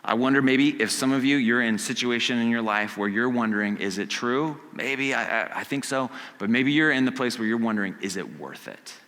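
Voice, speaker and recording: Man, pastor, conversational sermon, hushed to loud, crisp bright tone, long hall reverb. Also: mid-range voice, a little fast, hardly any pauses. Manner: conversational preaching, acts out quotes, builds from hushed to loud. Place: church sanctuary.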